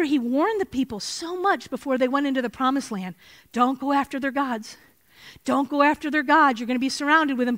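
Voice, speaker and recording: Woman, middle-aged, Bible study teacher, earnest storytelling, fairly high voice, cites verses. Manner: earnest, animated storytelling with Scripture citations.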